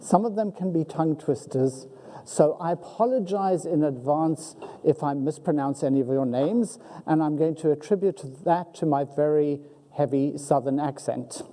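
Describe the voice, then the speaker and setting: A woman's voice: low voice, normal speed, warm tone. A woman with a South African accent announcing scholarship awards at a ceremony, joking lightly with the audience. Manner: self-deprecating, joking with the audience. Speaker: ceremony presenter. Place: auditorium. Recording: long hall reverb.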